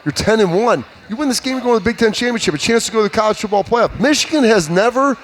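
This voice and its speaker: Man, thirties, former player, lively storyteller, slightly high voice, faint background noise. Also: quick pace. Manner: animated storyteller, acts out trash talk. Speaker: former player on a sports panel. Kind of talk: casual sports talk.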